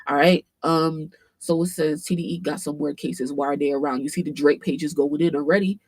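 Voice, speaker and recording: A woman hosting a casual commentary livestream, animated and swearing freely, with AAVE speech and frequent fillers. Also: sits low, a little fast, no echo. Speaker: livestream host.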